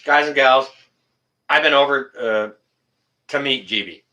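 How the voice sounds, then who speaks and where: A man's voice: mid-range voice, unhurried, bright, forceful tone. A man hosting a casual live stream, answering chat in a blunt, joking way and swearing freely.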